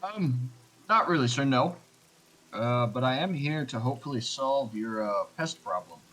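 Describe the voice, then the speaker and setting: A man playing his character in a tabletop game, calm and measured. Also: medium pitch, low-quality recording. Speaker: player. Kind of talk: tabletop role-play.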